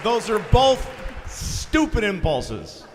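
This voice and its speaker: Blunt animated male stand-up comic. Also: high voice, slow pace, big-room sound, a crowd in the background. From Boston. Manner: blunt, crude, exasperated rants. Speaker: stand-up comedian. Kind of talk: stand-up comedy set. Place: large concert hall stage. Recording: live theater recording with audience noise.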